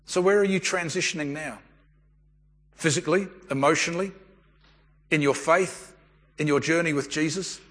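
Male pastor, conversational sermon, slightly husky voice, reverberant church hall. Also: fairly high pitch, moderate pace, pauses often, fairly bright tone. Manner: conversational storytelling preacher.

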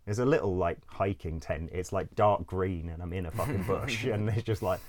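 A man's voice: deep voice, moderate pace, a crowd in the background. A man telling a travel story in a loose, rambling way, laughing often, swearing freely and filling gaps with "like" and "um". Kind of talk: casual storytelling.

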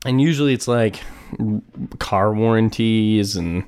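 A man's voice: on the low side, measured pace, a little mellow, smooth. A man co-hosting a podcast, chatting casually and telling stories with acted-out voices. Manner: storytelling, acts out phone calls in put-on voices. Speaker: podcast co-host. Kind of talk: casual chat.

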